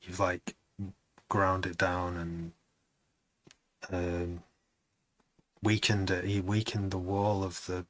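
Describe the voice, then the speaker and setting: A man's voice: low-pitched, level tone, takes it slowly, long pauses, fairly bright tone. A man producing music on a live stream, chatting to viewers in a rambling, casual way.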